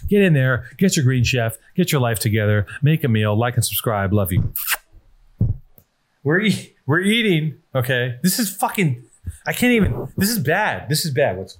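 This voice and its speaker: A man hosting a podcast, telling a rambling, profane story in casual chat and reading an ad. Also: mid-range voice. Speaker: podcast host.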